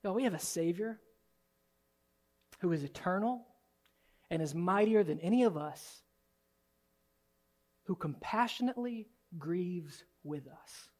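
A man preaching a sermon as pastor in a church, swinging from soft, low asides to loud, high exclamations. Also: lively intonation, unhurried, long pauses. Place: church sanctuary.

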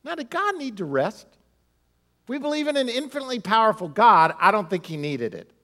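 A middle-aged male pastor preaching a sermon in an animated, humorous way, with laughs and asides to the congregation. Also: high-pitched, a little fast.

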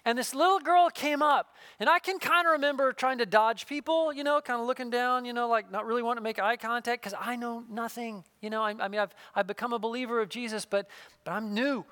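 A man preaching with an earnest, storytelling delivery, sinking into a hush for tender moments. His voice sits very high for a man and sounds smooth and resonant. The sound is close and dry, with no room around it. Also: fairly quick, no echo. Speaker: pastor. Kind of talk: sermon.

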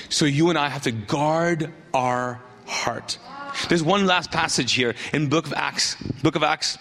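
A middle-aged male pastor preaching a sermon, telling a story with lively asides and acted quotes. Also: fairly high pitch, measured pace, in a large hall.

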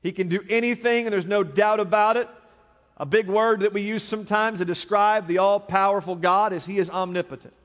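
High-voiced preaching man, reverberant hall. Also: steady tone, fairly quick, fairly bright tone. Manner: preaching with rising emphatic repetition. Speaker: pastor. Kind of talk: sermon.

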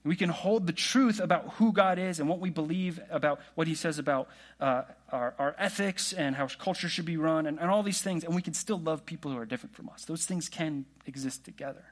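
Conversational preacher, slightly high voice. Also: male voice, brisk, hardly any pauses. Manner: conversational preaching with rhetorical questions. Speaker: pastor. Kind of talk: sermon.

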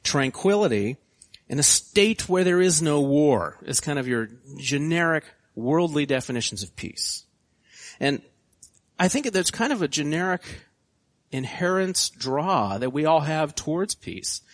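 A man's voice: a little high, sing-song, a little slow, no echo. A man in his thirties preaching a sermon in a conversational, self-deprecating way, often restarting his sentences and adding asides to the congregation.

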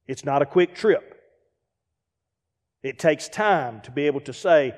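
High-voiced preacher in a reverberant hall. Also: male voice, unhurried, long pauses. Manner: animated preaching with acted-out asides and rhetorical questions. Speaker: guest preacher. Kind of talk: sermon.

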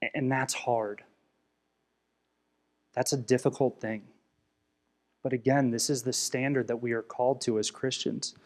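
A young adult man preaching a sermon, earnest and emotional, swinging from emphatic scripture readings to quiet personal confession. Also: medium pitch, steady tone, measured pace, long pauses. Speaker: pastor.

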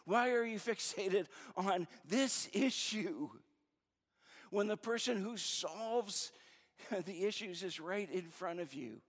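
A preacher voicing an exasperated teacher. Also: male voice, sits high, slow, pitched above the performer's own voice. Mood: frustrated. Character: frustrated male teacher questioning followers. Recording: long reverb of a large hall.

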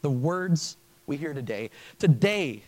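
A man's voice: on the high side, expressive, slow, a little mellow, poor audio. A male pastor preaching a sermon in an earnest way, often stopping and restarting his phrases. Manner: earnest, with frequent stammered restarts.

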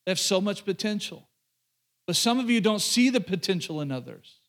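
A pastor with a fairly high voice preaches to his congregation. He talks in a conversational way, throws in joking asides, and often repeats phrases and restarts his sentences as he goes. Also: expressive, normal speed. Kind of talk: sermon.

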